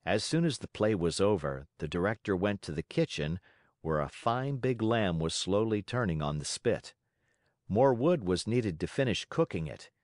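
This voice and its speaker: Lively low-voiced male audiobook narrator. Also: normal speed, no echo, clean studio sound. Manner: expressive storytelling with voiced characters. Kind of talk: scripted narration.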